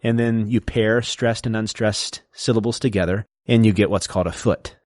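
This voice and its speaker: A man with a low, steady voice talks through a subject like a teacher at a podcast table. He explains patiently and in order, in relaxed chat. The sound is dry and close, with no room echo. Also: moderate pace. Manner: lecturing, explains step by step.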